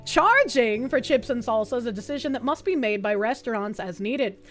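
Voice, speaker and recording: A woman's voice: on the high side, expressive, moderate pace, faint music behind. An American woman streaming, reading an article aloud and chatting with a rambling, profane, laughing manner. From United States.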